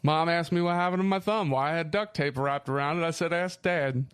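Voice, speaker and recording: A man's voice: a little high, fast talker, clear, resonant tone. Swearing Midwestern man telling stories. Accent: Midwestern American. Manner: swearing storyteller, lively. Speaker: podcast co-host. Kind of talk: casual chat.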